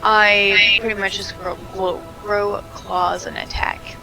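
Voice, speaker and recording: A woman playing in a tabletop game, talking slowly and hesitantly as she thinks aloud. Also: mid-range voice, flat delivery, vocal fry, music in the background, rough recording. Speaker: player. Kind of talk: casual tabletop game chat.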